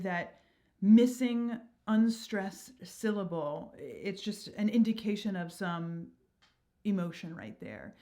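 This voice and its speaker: Woman teaching verse, slow easy pace, chatty, reads the quotes soft and slow. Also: mid-range voice. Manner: chatty, reads quoted lines slowly and softly. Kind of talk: explanatory lesson on verse.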